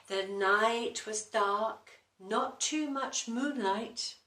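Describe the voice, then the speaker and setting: A woman's voice: medium pitch, fairly bright tone. A woman reading a children's story aloud and asking the young listeners questions along the way. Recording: roomy echo, distant mic.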